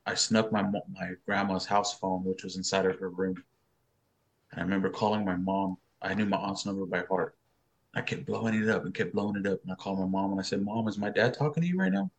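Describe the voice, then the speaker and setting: A man's voice: low voice, level tone, a little fast. A young man, a podcast guest telling a personal story in casual talk, swearing freely and acting out what others said.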